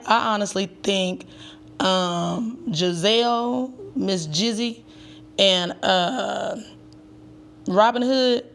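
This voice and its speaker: A woman giving a sassy, chatty recap with emphatic asides, as the host of her own channel. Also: mid-range voice. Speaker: tarot reader and reality TV recapper. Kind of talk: casual commentary.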